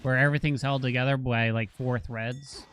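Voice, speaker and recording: A man's voice: medium pitch, fairly even intonation, normal speed, a bit bright, a little hiss or hum. Joking, swearing gamer guy. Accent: Boston. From Massachusetts. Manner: joking, rambling, swears freely. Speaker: streamer. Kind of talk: casual gameplay chat with viewers. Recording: game music playing behind.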